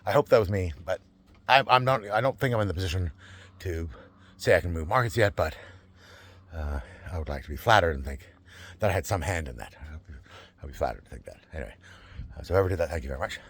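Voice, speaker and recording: Deep-voiced, husky man rambling. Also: fast talker. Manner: rambling, excitable, lots of fillers and restarts. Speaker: vlogger running a campaign. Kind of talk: casual rambling monologue.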